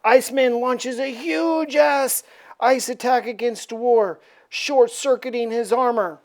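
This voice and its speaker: A woman's voice: fairly high pitch, takes it slowly, darkish tone. A woman casually recapping a comic book issue in a slangy, offhand way.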